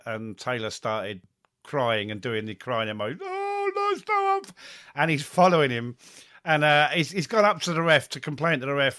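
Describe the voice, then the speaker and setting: A man co-hosting a casual football podcast, talking in quick, enthusiastic, rambling asides. His pitch sits in the middle. The recording is dry and close. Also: bright, forceful tone, no room sound. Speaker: podcast co-host.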